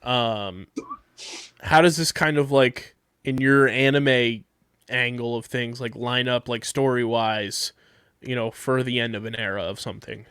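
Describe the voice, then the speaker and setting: A man's voice: medium pitch, fairly even intonation, unhurried, fairly bright tone, clean tone, no room sound. A man hosting a casual podcast, running through news and a sponsor read with plenty of fillers. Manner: conversational, filler-heavy. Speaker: podcast host.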